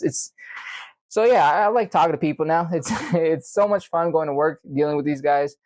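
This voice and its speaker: A man's voice: a little high, moderate pace, a little mellow. A young man hosting a podcast, talking casually in a rambling, profane, venting way. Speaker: podcast host. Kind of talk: casual monologue. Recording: dull lo-fi recording.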